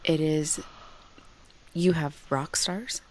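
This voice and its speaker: A woman hosting a casual podcast, joking and teasing her guest in a frank, playful way. Her voice sits a bit low for a woman. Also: fairly even intonation, extremely slow, darkish tone. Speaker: podcast host.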